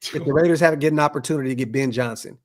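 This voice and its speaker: A man's voice: medium pitch, rapid-fire, darkish tone. A man hosting a podcast interview in a casual way, pressing his guest with follow-up questions. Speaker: podcast host.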